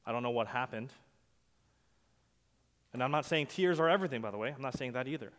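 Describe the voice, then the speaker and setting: A male pastor preaching a sermon, telling stories conversationally and swinging from loud emphasis to quiet asides. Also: mid-range voice, quick pace. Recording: long hall reverb.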